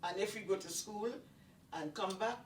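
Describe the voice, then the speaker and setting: A woman's voice: medium pitch, moderate pace, recorded from a distance. An older woman tells her personal testimony, earnest and emphatic, repeating phrases for weight. She sits some way back from the mic in an echoey room, with a faint hiss of noise behind her. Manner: earnest, repetitive, emphatic retelling. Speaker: testimony speaker.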